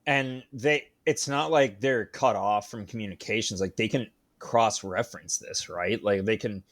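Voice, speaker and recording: A man with a fairly low voice talks through a film with a friend on a podcast. He swears freely and keeps asking disbelieving questions about the plot. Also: a little slow. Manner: profane, incredulous questioning. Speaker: podcast co-host. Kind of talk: casual film discussion.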